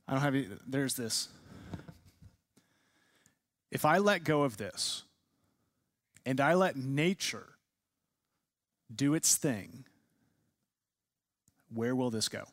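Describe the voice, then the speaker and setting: A man's voice: mid-range voice, animated, slow pace, long pauses, dry recording, clean studio sound. A man teaching a class, leading a discussion and asking students many questions. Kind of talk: classroom lecture.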